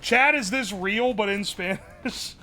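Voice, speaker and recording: A man livestreams while building something, joking with his chat and thinking aloud in casual conversation. His voice sits high and moves slowly, with a noisy background.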